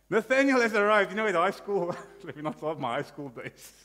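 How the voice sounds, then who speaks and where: A man with a South African accent preaching an animated sermon in church, calling out hallelujah and amen. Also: high voice, moderate pace. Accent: South African English. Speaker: pastor. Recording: long reverb of a church hall.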